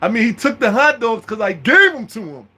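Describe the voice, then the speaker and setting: A man voicing his gentle, simple-minded male inmate friend, speaking in a high, earnest, drawn-out plea. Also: big pitch swings, full character voice. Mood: pleading.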